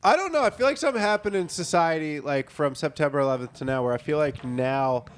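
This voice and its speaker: A man in casual podcast chat, telling profane, animated stories among friends. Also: fairly high pitch, fast talker.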